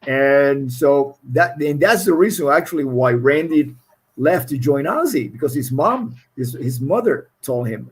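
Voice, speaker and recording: A middle-aged musician with a foreign accent, appearing as a guest, tells meandering stories with laughter and frequent restarted phrases in a casual interview. His medium-pitched voice has lively intonation, a measured pace, and a breathy edge, over low-quality audio.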